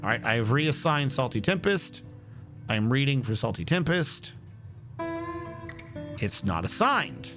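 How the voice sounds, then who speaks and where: A man's voice: mid-range voice, very animated, measured pace, long pauses, fairly bright tone, soft background music. A man streaming a game, thinking aloud on a headset as he troubleshoots. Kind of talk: casual gameplay commentary.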